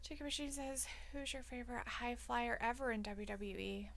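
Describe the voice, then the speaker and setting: A woman's voice: fairly high pitch, normal speed, vocal fry, a bit bright, a little hiss or hum. A woman co-hosting a live wrestling watch-along, laughing often and reading viewer comments aloud. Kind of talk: casual live reaction chat.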